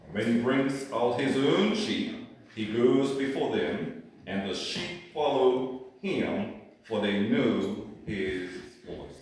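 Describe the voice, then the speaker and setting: A man's voice: medium pitch, slight background noise. A man preaching a sermon. He repeats his points and often asks his listeners questions. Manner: repetitive, asks the congregation questions. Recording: echoey room from far off.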